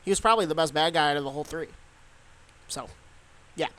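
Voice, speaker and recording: A man's voice: on the high side, fast, pushed and bright. A young man giving a casual, rambling movie review, full of fillers and restarts.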